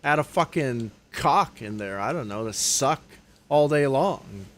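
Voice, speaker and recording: A young man livestreaming, ranting in anger and swearing a lot, often dropping low and quiet on a trailing "dude". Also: lively intonation, unhurried. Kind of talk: live stream rant. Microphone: desk microphone.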